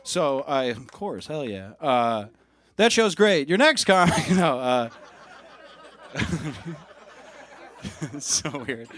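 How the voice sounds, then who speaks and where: A man's voice: mid-range voice, sing-song, slow pace, pauses often, a bit bright. A man hosting a comedy showcase on a club stage, bantering loosely between acts and hyping up the next comic. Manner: rambling, hype-building banter. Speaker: emcee host.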